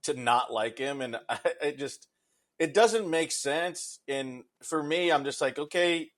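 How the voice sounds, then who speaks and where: A man co-hosting a sports talk show, speaking in a slow, hesitant, laid-back way. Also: mid-range voice, fairly bright tone. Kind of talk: casual sports chat.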